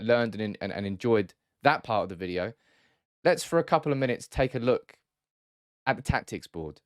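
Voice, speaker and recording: A man hosts a football analysis video, chatting through tactics in a casual breakdown full of restarts and self-corrections. His voice is mid-range, with studio-quality sound and no room echo.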